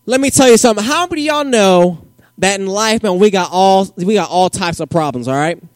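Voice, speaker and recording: A man giving a joking, energetic youth group sermon in casual slang, as a youth pastor. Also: sits high, fairly quick, dry recording, clean studio sound.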